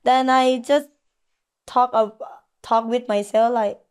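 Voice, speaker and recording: A woman with a Thai accent, a fighter speaking halting non-native English as a podcast guest. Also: on the high side, fairly even intonation, smooth.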